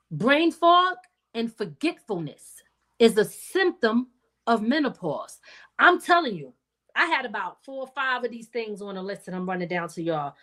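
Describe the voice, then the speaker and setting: Middle-aged woman, high voice, chatty host, folksy asides. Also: animated, normal speed, a bit bright. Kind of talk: casual chat.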